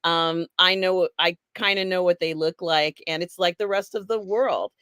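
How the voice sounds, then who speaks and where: A woman's voice: lowish voice, steady tone, normal speed, a bit bright, smooth, dry recording, studio quality. A woman co-hosting a casual pop culture chat, frank and chatty, laughing often and talking through lots of fillers. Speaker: co-host.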